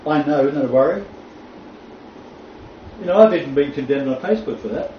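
A man's voice: on the high side, a little fast. Blunt joking man lecturing. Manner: blunt, joking, laughs often, animated. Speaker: Bible teacher lecturing a class. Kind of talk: informal lecture. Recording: echoey room from far off, dull, faint noise.

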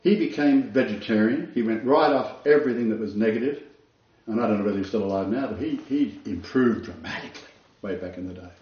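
A man's voice: fairly low pitch, fast talker. A man preaching a sermon, telling stories dramatically and repeating phrases for emphasis. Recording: roomy, dull lo-fi sound.

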